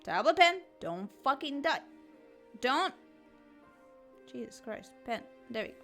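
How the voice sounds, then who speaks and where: A woman chats casually on a live drawing stream and laughs often while she answers chat. Her voice sits a bit high and sounds bright and crisp. She talks at a slow, unhurried pace with faint music underneath. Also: lively intonation. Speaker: art streamer.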